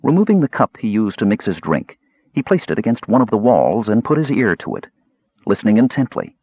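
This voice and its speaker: Low, husky male audiobook narrator. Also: big pitch swings, fairly quick, dry recording. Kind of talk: scripted narration. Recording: dull, dry recording.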